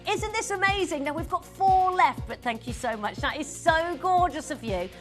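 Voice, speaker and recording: A woman's voice: very high-pitched, lively intonation, moderate pace, faint music behind. A woman presenting jewelry on a live shopping channel, chatty and gushing as she greets viewers by name. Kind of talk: live jewelry sales pitch. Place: television studio.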